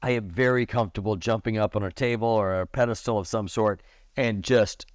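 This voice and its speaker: Low, smooth-voiced man telling stories. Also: brisk, dry recording, studio quality. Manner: animated, acts out quotes with a raised pitch. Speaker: podcast guest. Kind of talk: casual storytelling chat.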